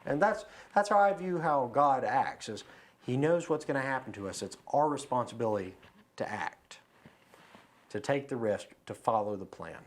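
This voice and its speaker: A man's voice: medium pitch, expressive, normal speed. A man as a podcast guest, talking through philosophy and telling a story in a casual conversation, recorded in a studio.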